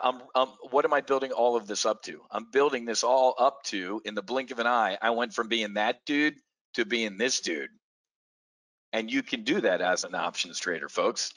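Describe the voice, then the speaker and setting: A man giving an energetic, folksy options-trading pitch, speaking straight to the audience and swinging his pitch up and down for emphasis. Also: poor audio. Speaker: options trading webinar presenter.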